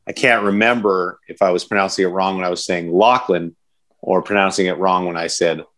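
A man's voice: low voice, level tone, fast talker, a bit bright. Joking, rambling podcast host man. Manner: rambling, self-correcting, jokey. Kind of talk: casual chat.

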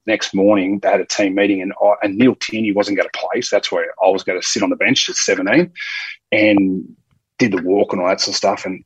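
A man's voice: on the low side, slightly rough, no room sound, highs cut off. An Australian man in his early forties, a former footballer, telling stories in a rambling, casual way full of quoted dialogue. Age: early 40s. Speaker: former rugby league player, guest. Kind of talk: casual storytelling.

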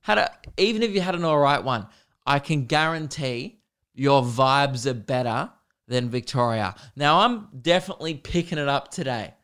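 A man's voice: mid-range voice, animated, moderate pace, fairly bright tone. An Australian man hosting a podcast, telling comedic stories in a chatty, joking way straight to his listeners on a close microphone. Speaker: podcast host. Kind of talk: comedic storytelling monologue.

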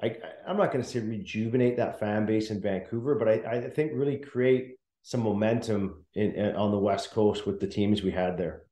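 A man's voice: on the low side, normal speed, hardly any pauses, warm tone, reverberant. A middle-aged man, a former hockey player, telling laughing stories as a guest in a casual interview. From Canada. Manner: laughs often, chatty, many restarts.

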